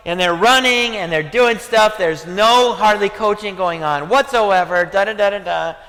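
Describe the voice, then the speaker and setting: A male pastor with a Midwestern American accent preaching a sermon in a church, talking conversationally, repeating "okay" and "listen", and climbing to near-shouting when fired up. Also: sits high, moderate pace, hardly any pauses. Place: church sanctuary. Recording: reverberant church hall.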